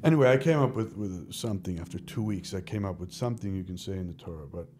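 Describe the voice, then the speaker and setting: A man speaking as a podcast guest, telling candid personal stories in an animated, rambling way, often restarting his sentences. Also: deep voice, quick pace, slightly rough. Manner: animated, rambling, self-interrupting. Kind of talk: candid conversational storytelling.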